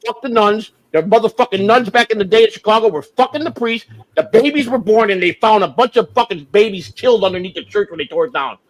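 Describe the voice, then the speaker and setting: A man hosting a livestream, ranting with heavy swearing, flaring loud and then dropping to a mutter. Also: high voice, expressive, quick pace, hardly any pauses, low-quality recording. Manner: profane, heated, swings from shouting to muttering. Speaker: livestream host. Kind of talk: unscripted livestream rant.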